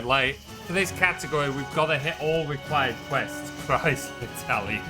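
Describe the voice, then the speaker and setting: A man's voice: fairly high pitch, rough recording. A man with a Yorkshire accent giving casual, chatty commentary while streaming a game, swearing freely and answering his chat aloud. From Northern England.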